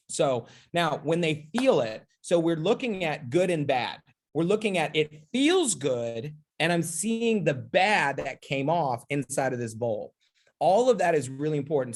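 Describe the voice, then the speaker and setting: A man giving a casual, upbeat sales training demonstration, chatty and playful, often checking in with his listeners. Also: on the high side. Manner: chatty, keeps asking "okay?" and "right?".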